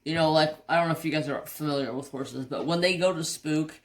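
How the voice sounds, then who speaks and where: A woman hosting a craft channel, telling a rambling, animated story with mild cursing. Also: low voice, brisk. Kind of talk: casual storytelling while crafting.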